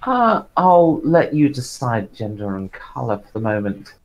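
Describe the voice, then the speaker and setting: Slow, halting male tabletop player. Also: mid-range voice, very animated, rough recording. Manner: halting, hesitant. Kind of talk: playing a tabletop game in character.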